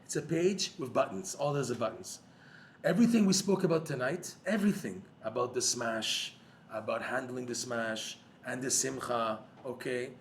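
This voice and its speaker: A man giving a lively Torah class to a live audience, joking and using Hebrew terms. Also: mid-range voice, moderate pace, slight background noise. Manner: animated, jokey, uses Hebrew terms. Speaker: Torah teacher.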